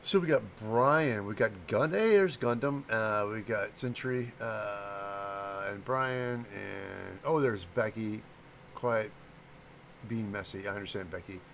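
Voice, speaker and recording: With a lowish, creaky, slightly bright voice, a middle-aged Midwesterner speaks slowly while chatting with livestream viewers. He's a prop maker who rambles and gets tangled up on names, and the recording carries some hiss or hum.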